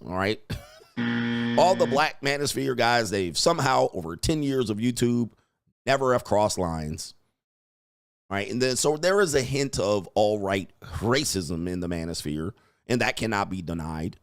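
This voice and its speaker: A man's voice: on the low side, no echo, studio quality. A man hosting a casual commentary show, joking and laughing at his own lines as he rambles. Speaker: commentary show host and dating coach.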